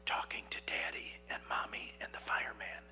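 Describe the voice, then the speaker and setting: A man voicing a mischievous small child who answers only in a hushed, breathy whisper. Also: normal speed, big-room sound, soft background music. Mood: sly whisper.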